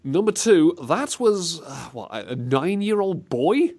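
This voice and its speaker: A man co-hosting a comedy podcast, chatting casually and slipping into goofy put-on voices. His voice sits on the high side and swings widely up and down as he jokes. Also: big pitch swings, unhurried, darkish tone. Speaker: podcast co-host.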